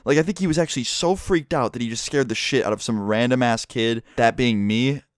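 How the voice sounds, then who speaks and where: A young man telling a story to his vlog audience in an excitable, profane way, from his room at home. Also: medium pitch, fairly quick, dry recording, studio quality. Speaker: vlogger.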